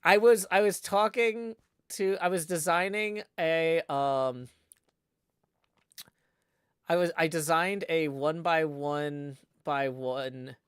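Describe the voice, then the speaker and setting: A man's voice: a little high, slow, fairly bright tone, smooth, no room sound, clean studio sound. A man chatting casually on a livestream, rambling and playful with lots of restarts. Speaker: livestreaming gamer.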